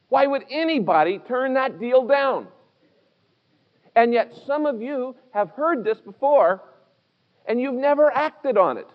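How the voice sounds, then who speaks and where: A man's voice: extremely high pitch, animated, measured pace. A man preaching a sermon as pastor, telling a story and speaking conversationally to his congregation. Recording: dull sound with long hall reverb.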